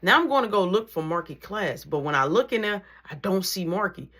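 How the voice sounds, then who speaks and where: A young woman telling a story in a casual, animated way, acting out each exchange of dialogue. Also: mid-range voice, normal speed.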